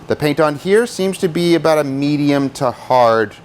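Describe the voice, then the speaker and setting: A man's voice: fairly high pitch, expressive, moderate pace, a little hiss or hum. A man who details cars, explaining paint polishing in a casual, chatty how-to style and joking at his own expense. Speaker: car detailer teaching polishing.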